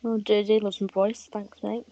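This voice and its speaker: A woman's voice: medium pitch, level tone, moderate pace, warm tone, muffled recording, soft background music. A woman from northern England near Manchester, with a northern English accent, bantering playfully with a stream host. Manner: playful, teasing. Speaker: viewer joining the stream chat. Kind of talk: casual banter.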